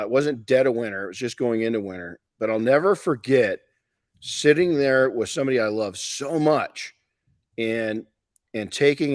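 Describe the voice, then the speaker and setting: A man's voice: mid-range voice, dry recording, studio quality. A middle-aged man hosting a live podcast, telling stories in a rambling, folksy way with many restarts. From Southern California. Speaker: podcast host and detailing educator.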